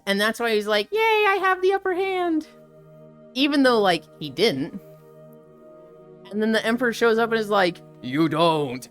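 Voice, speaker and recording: Chatting casually on a live stream, a young woman with a low-pitched voice recounts an anime. She delivers lively, profane commentary and acts out quotes from it.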